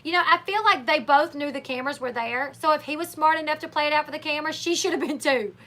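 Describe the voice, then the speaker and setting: A high, bright-toned woman with a twang talks through a casual livestream. She is opinionated and chatty, and she often acts out what other people said in lively put-on voices. Her voice sits high and sounds clear and forward. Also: fast. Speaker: livestream host. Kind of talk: casual live chat commentary.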